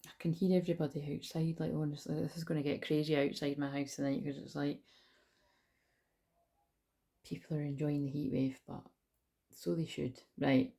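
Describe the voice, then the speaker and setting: A woman giving a casual spiritual card reading at home, chatty and rambling with excitable asides. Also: deep voice, normal speed, creaky, pauses often. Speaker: tarot reader. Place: at home indoors.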